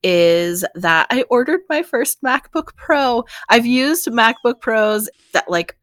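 A woman co-hosting a podcast in casual chat, enthusiastic and quick to laugh. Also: a little high, animated, a bit bright, no echo, clean studio sound. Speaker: podcast co-host. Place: podcast studio.

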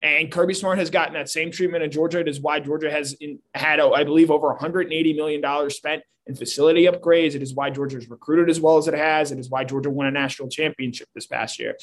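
A man's voice: a little high, steady tone, quick pace, hardly any pauses. A man co-hosting a casual sports talk show, analytical and prone to restarting his sentences. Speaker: sports podcast co-host.

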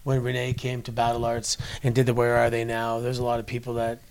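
A former wrestler from Canada in his forties tells stories during a casual interview at a wrestling convention in New York, chatty and often restarting sentences. His medium-pitched voice is gravelly, brisk and completely flat.

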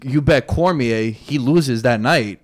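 A man's voice: mid-range voice, takes it slowly. A man on a casual sports podcast, patiently explaining how betting works. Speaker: podcast co-host.

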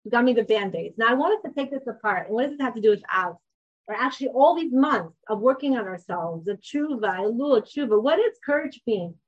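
A woman in her thirties teaches a class in a conversational, informal way. She often stops to ask her listeners questions. Her voice sits a bit high, and the recording sounds somewhat dull and lo-fi. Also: animated, a little fast. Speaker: Torah teacher. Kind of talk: informal class talk to a group.

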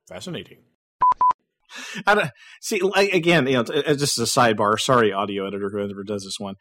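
A man co-hosting a podcast in casual banter, joking and laughing often, with big jumps in pitch for comic bits. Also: quick pace, a bit bright. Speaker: podcast co-host.

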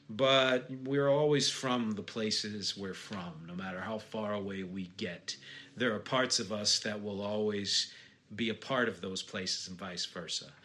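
A podcast host with a slight Philadelphia accent muses aloud on his own, pausing on fillers and restarting his sentences. His voice is bright and forward, and he speaks into a studio mic. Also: on the low side. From Philadelphia area. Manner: reflective, musing, many fillers and restarts. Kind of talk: solo podcast monologue.

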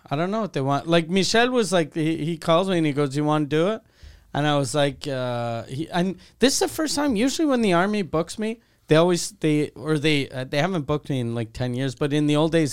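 A comedian in casual podcast chat, making wry, deadpan jokes. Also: male voice, fairly high pitch, fairly quick, clear, resonant tone.

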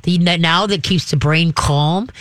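Animated male dog trainer on radio. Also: unhurried, no echo. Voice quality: says he has a deep voice. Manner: animated, acts out dog and owner voices. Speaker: dog trainer hosting a call-in radio show. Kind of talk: call-in advice talk.

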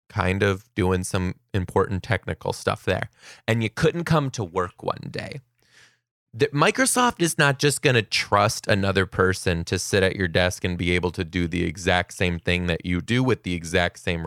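A young adult man hosts a comedic podcast, talking in a lively, storytelling way and leaping up high whenever he quotes a child. His voice sits on the low side with a gravelly, fry-laden edge. The sound is dry and close, with no room around it. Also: no room sound. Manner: animated, jumps into high-pitched voices for quoted kids. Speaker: podcast host.

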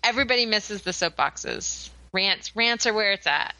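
A woman's voice: mid-range voice, animated, moderate pace, pushed and bright, no room sound. A woman co-hosting a podcast in upbeat casual chat, laughing often. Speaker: podcast co-host.

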